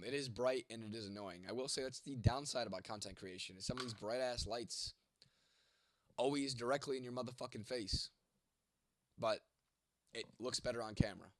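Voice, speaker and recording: A man's voice: mid-range voice, a bit bright. A man of twenty-nine, congested from a cold and losing his voice, answering chat on a late-night livestream in a blunt, heavily profane way. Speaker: content creator. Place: home at night.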